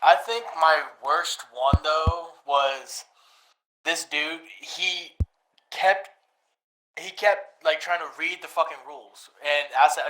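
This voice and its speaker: High-voiced, animated young man, echoey room. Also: takes it slowly. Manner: animated, profane storytelling. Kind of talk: casual podcast chat.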